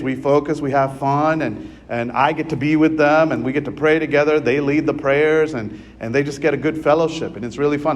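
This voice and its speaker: A man giving a sermon in a church as its priest, preaching in an earnest, conversational way with frequent asides to the congregation. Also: a little high.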